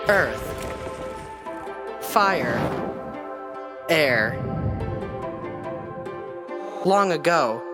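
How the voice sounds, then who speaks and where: Slow, grave trailer narrator man over loud music. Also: a little high, lively intonation. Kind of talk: mock epic trailer narration.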